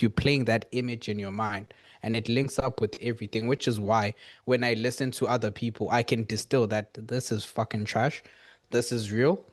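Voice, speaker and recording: A man's voice: medium pitch, no room sound, clean studio sound. A man on a group coaching call, speaking earnestly and rambling, with frequent restarts. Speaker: coaching client.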